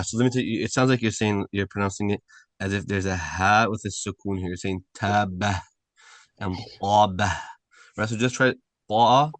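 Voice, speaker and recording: A man teaching an online Arabic class, patiently correcting pronunciation and repeating sounds slowly. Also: fairly low pitch, fairly bright tone, no room sound. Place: video call.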